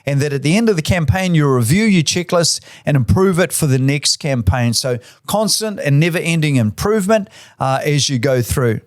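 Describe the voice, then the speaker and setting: A man's voice: a little high, animated, normal speed, dry recording, studio quality. A middle-aged man, a real estate boss giving tips in a chatty, enthusiastic way full of fillers. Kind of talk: casual instructional talk.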